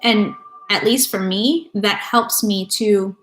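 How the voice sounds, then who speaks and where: A woman's voice: mid-range voice, slow pace, fairly bright tone. A woman giving a casual tarot reading to her viewers, talking bluntly and with a lot of swearing. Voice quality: blunt and profane. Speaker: tarot reader. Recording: echoey room with faint music.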